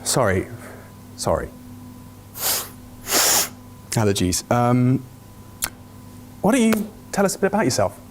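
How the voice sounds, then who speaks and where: A man's voice: mid-range voice, wildly swooping pitch, takes it slowly, pauses often, background noise. A man hosting a comedy sketch in a hesitant, flustered way. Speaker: host.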